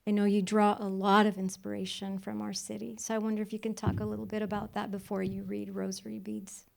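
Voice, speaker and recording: A woman's voice: mid-range voice, a little fast, vocal fry. Woman moderating a panel. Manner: relaxed, with hesitant fillers.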